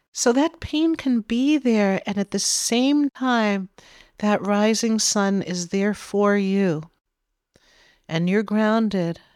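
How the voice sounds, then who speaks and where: A woman talks a listener through a guided meditation, her tone gentle and soothing. Her voice sits at an ordinary middle pitch. The sound is dry and close, with no room around it. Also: no room sound. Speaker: spiritual medium.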